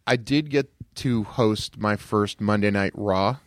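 A man, an actor guest, telling animated stories in a casual chat. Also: fairly low pitch, takes it slowly, no room sound, clean studio sound. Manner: animated, does voices in anecdotes.

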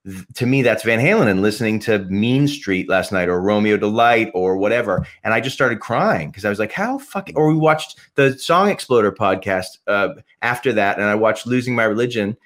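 A man's voice: fairly low pitch, fairly quick, hardly any pauses, a bit bright. A man talking as a podcast guest, rambling passionately about music, swearing freely and restarting his sentences. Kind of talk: casual podcast conversation.

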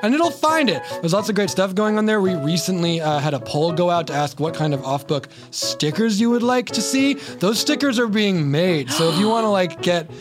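A man's voice: high-pitched, very animated. Man, podcast co-host, improv comedy banter, playful, music underneath. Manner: playful, quick, jokey.

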